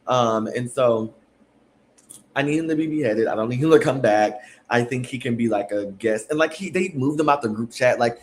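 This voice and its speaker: A man's voice: mid-range voice, slight background noise. Rambling man recapping reality TV. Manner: chatty, rambling, full of fillers. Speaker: podcast host.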